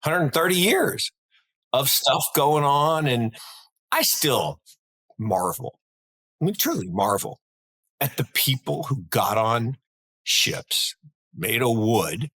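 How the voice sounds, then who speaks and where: A man from North Carolina co-hosting a markets podcast, telling history in a rambling, animated way with many restarts. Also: medium pitch, slow, pauses often, slightly rough, low-quality recording. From North Carolina, USA. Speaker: podcast co-host. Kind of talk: casual market chat.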